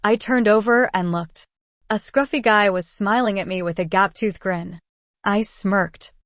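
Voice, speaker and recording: A woman's voice: mid-range voice, a little slow, no room sound. Woman narrating a story, dry close sound. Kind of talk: first-person story narration.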